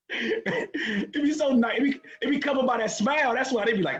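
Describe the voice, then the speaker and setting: A man co-hosting a casual podcast chat, teasing his friend with loud laughs and profanity. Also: very high voice, a little fast, highs cut off, slight background noise. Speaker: podcast co-host, hip hop artist.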